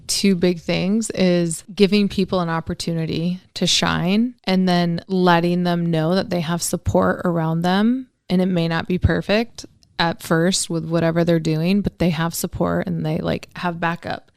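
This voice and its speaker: A woman's voice: fairly low pitch, flat delivery, a little slow, creaky, clear, resonant tone, no room sound, clean studio sound. A woman co-hosting a podcast, chatting casually in an agreeable way.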